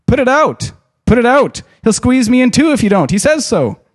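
A man voicing a small young male hobbit who is trapped and panicking, pleading in a high, frantic voice in a storybook reading. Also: sing-song, moderate pace, in a large hall, full character voice. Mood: panicked.

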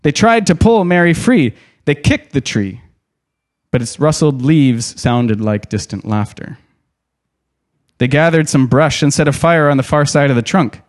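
A man reading a novel aloud in an expressive, dramatic way, pausing to add his own comments. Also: fairly high pitch. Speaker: storyteller.

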